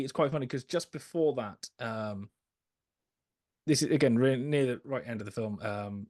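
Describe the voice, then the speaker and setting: A man's voice: mid-range voice, no room sound, studio quality. A man casually talking through an old musical film as a podcast co-host, hesitant, with many fillers and restarts. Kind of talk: casual film review chat.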